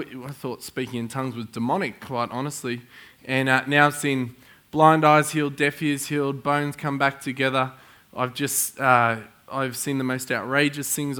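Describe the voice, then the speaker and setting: A middle-aged man preaching a sermon to a congregation, telling stories with excitable energy and frequent chuckles. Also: mid-range voice, clear, resonant tone. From Australia. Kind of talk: sermon with storytelling. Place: church in front of a congregation.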